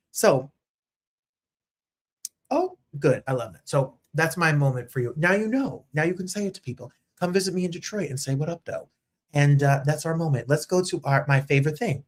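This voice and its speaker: Chatty, excitable male show host. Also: fairly high pitch, moderate pace. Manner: chatty, excitable, jumps between topics. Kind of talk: casual live-stream chat.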